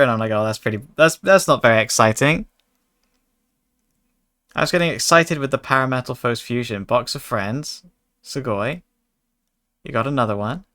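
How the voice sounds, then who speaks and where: A man's voice: medium pitch, bright, forceful tone. A man streaming a card game, chatting casually with his chat and joking in mock anger. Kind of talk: casual gaming commentary.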